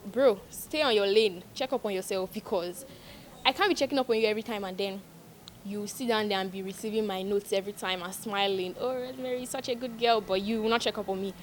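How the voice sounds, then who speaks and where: A woman's voice: medium pitch, slight background noise. A young woman vlogger giving emphatic, preachy advice to her viewers, repeating lines for stress. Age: young adult. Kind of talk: casual advice monologue to viewers.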